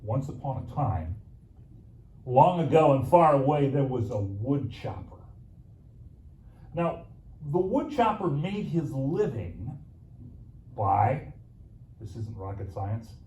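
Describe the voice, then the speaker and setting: A male pastor telling a sermon story with dramatic pauses and playful asides. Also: mid-range voice, very animated, warm tone, recorded from a distance. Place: church sanctuary. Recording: echoey church room, mic from afar, faint ambience.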